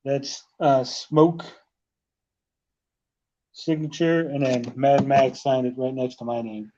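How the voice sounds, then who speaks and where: Animated, profane man on a lo-fi call. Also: medium pitch, slow. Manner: animated, profane, acts out others' lines. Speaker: podcast host. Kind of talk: casual chat, storytelling. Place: hotel room.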